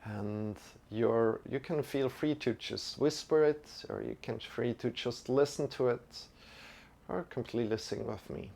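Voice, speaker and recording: A man teaching a beginner yoga and meditation lesson as a live stream, talking in a relaxed, chatty way with many fillers. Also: medium pitch, measured pace, gravelly. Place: home room.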